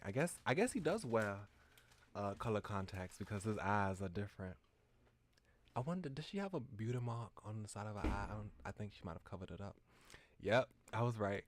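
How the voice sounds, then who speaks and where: Giggly, slow-talking young man streamer. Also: fairly low pitch, no room sound. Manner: giggly, easily flustered. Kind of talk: reading a visual novel aloud with live commentary.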